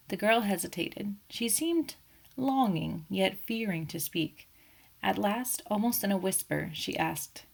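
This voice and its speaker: Low-voiced woman narrating a novel. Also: measured pace, creaky. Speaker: audiobook narrator. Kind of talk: reading a classic detective novel aloud.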